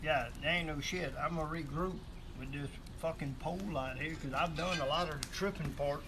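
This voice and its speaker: A man's voice: on the high side, brisk, pushed and bright. Profane joking man cooking outdoors. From Louisiana. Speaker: outdoor cook and co-host. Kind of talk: casual live-stream chat.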